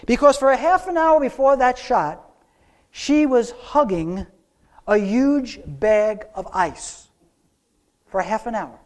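High-voiced male preacher. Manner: storytelling with dramatic slow pauses. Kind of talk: sermon.

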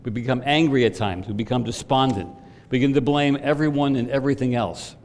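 A man's voice: medium pitch, steady tone, brisk, darkish tone, a little hiss or hum. Earnest man preaching in a reverberant hall. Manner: earnest, rising emphasis on questions to the congregation. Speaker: pastor. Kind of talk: sermon. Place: church sanctuary. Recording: long reverb from a church hall.

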